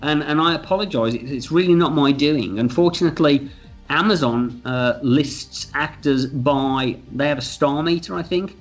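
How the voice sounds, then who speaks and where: Animated man, dull lo-fi sound. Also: fairly high pitch, normal speed. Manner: animated, acts out quoted voices. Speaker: film director interviewed as guest. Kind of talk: casual interview storytelling. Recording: dull lo-fi sound with faint music.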